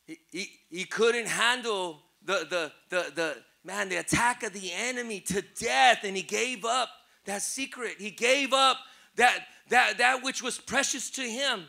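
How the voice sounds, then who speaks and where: A middle-aged man with a Southern Californian accent preaching a sermon as pastor, building to shouted emphasis with repeated phrases. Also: high-pitched, measured pace, creaky. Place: church sanctuary.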